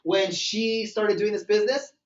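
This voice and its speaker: At a moderate pace, a high-voiced man leads a lively sales training session, performing short phone dialogues for a live group. The recording is dull, picked up from across a reverberant meeting room far from the mic.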